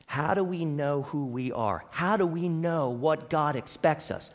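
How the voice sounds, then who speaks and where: A man pastor preaching a sermon emphatically, swinging between loud declarations and quiet asides. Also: a little high, a little slow, few pauses. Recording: long hall reverb.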